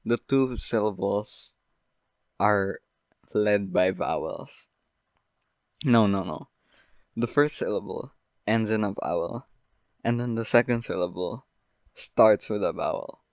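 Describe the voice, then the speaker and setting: A young man hosting a podcast, rambling through an absurd deadpan comedic monologue full of fillers. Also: fairly low pitch, dry recording. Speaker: podcast host.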